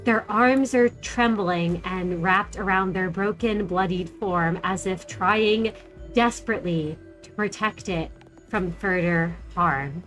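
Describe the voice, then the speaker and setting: Slow-narrating woman game master. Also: medium pitch, a bit bright, soft background music. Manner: descriptive, measured narration.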